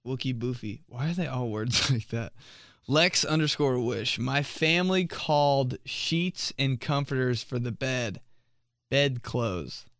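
A man's voice: mid-range voice, a little slow, dry recording, studio quality. A man hosting a podcast, joking casually and laughing often as he reads listener submissions. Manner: animated, jokey, laughs often. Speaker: podcast host. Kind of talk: casual comedic chat reading listener submissions.

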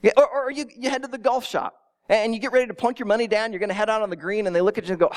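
A pastor preaching a sermon, telling it with animated storytelling and acting out imagined listeners, with small stammers. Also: medium pitch, very fast. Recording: long reverb in a large hall.

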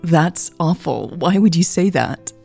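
A woman's voice: on the low side, expressive, unhurried, creaky, mellow, husky, soft background music, exaggerated voice. A woman voicing a heartsick young woman who gets defensive with her sister. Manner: defensive, reluctant.

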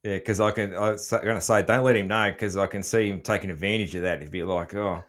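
A man's voice: on the low side, steady tone. Laid-back Australian man hosting a chat. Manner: easygoing, laughs often, drawn-out fillers. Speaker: podcast host. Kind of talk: casual interview chat.

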